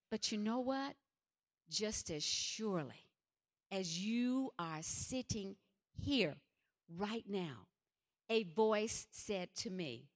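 A middle-aged woman preaching a sermon, impassioned and repetitive, swinging from hushed to loud. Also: mid-range voice, lively intonation, slow pace, pauses often.

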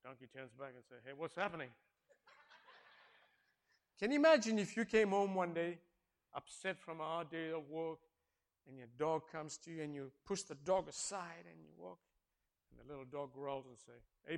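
A male preacher retelling a story in a sermon, acting out the characters and asking the congregation questions, swinging from hushed tones to loud exclamations. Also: on the high side, animated, normal speed, vocal fry. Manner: dramatic, swings from hushed to shouting, acts out characters.

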